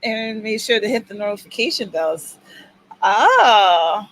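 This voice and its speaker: A woman's voice: medium pitch, very animated, measured pace, slight background noise, poor audio. A woman hosting a writing-sprint livestream in casual chat, upbeat and cheering viewers on by name.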